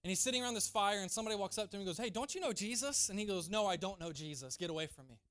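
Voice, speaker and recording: A man's voice: high-pitched, rapid-fire, a bit bright, smooth, no echo. A man preaching a sermon, acting out quoted lines and building to emphatic peaks. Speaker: pastor.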